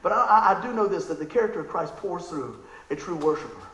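A man preaching a sermon in an animated, conversational way, telling stories and asking the crowd questions. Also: high voice, fast, roomy sound, rough recording. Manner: animated, excitable storytelling.

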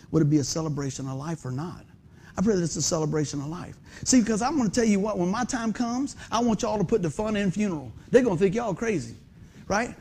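Animated high-voiced pastor. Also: male voice. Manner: animated, swings from hushed to excited exclamations. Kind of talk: lively storytelling sermon.

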